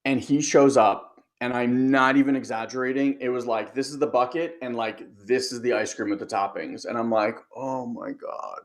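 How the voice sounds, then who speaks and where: A man's voice: mid-range voice, moderate pace, hardly any pauses. A middle-aged man co-hosting a casual podcast chat, telling a story with animation and acting out his own inner voice. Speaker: podcast co-host.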